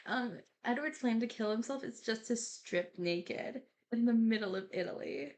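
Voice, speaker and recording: Young woman rambling quietly with vocal fry. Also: fairly high pitch, moderate pace. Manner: casual, filler-heavy, giggly. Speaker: YouTuber.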